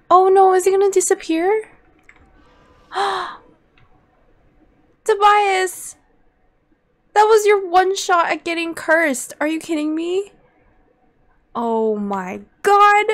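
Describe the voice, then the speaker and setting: A young woman casually commenting on her life-simulation gameplay, excitable and quick to gasp and laugh at what happens on screen. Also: sits high. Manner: excitable, gasping and laughing at the game. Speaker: let's play gamer.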